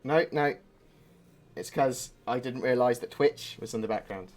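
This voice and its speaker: Medium-pitched and at a normal speed, a man livestreams a video game, chatting in a rambling, distracted manner full of asides. Faint music plays behind him.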